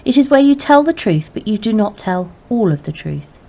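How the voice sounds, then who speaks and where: A woman reading a novel aloud in plain, measured first-person narration. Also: mid-range voice, very animated, creaky, mellow. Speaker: reader. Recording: dull lo-fi recording.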